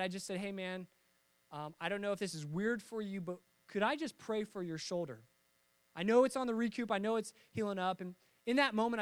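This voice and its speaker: A young adult man preaching a sermon, telling stories in a lively way and acting out voices with jokes. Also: sits high, clean tone, dry recording. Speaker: pastor.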